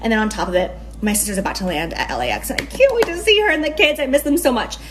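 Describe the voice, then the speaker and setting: A woman's voice: a little high, expressive, very fast, poor audio. A woman beauty influencer chatting through a makeup tutorial, gushing, giggly and often profane.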